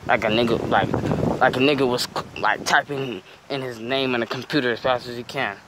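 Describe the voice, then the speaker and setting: A man's voice: medium pitch, fairly even intonation, brisk, very noisy. A teenage boy telling a story in casual slang, saying "bro" after nearly every phrase, outdoors near a street.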